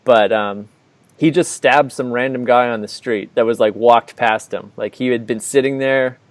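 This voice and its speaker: A man tells a long story on a casual podcast, rambling and leaning on "like" in nearly every phrase. His voice sits at a middling pitch. The recording is dry and close, with no room echo. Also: normal speed. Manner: rambling, filler-heavy, full of "like". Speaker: podcast co-host. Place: living abroad in Ireland, recording indoors.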